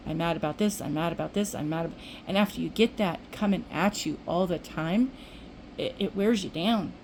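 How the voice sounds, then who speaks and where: A woman's voice: lowish voice, slight background noise, rough recording. An older woman vlogging, telling a rambling everyday story in casual chat with restarts. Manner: chatty, rambling, with restarts and acted-out quotes.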